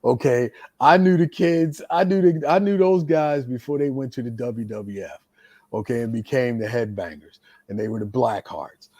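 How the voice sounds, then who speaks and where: With a medium-pitched voice at a moderate pace, a veteran wrestler shares stories on a podcast in a relaxed, chatty way. He's lively and animated, performing the quotes himself, and there's no echo.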